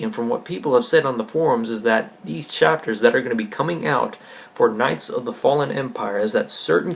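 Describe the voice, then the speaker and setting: A man's voice: medium pitch, vocal fry. A man casually chatting to camera in a vlog, rambling along with many restarts and filler words. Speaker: YouTuber.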